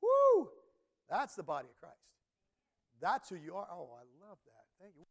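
A middle-aged man preaching a sermon as pastor, telling stories with bursts of shouting and imitated instrument sounds. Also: fairly high pitch, normal speed, vocal fry, husky. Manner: animated storytelling, sudden shouts and imitated organ sounds.

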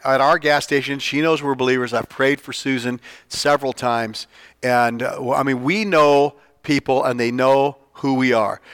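A man preaching an informal sermon, telling stories, his voice leaping up when he gets excited and falling soft and low for earnest points. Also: no room sound. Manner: animated, jumps up in pitch for quoted lines. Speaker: pastor.

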